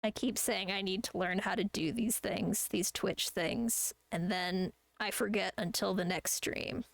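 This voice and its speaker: A woman's voice: medium pitch, steady tone, a little slow, creaky, dry recording. A young woman streaming as an artist, chatting casually while drawing. She rambles, laughs often and swears freely.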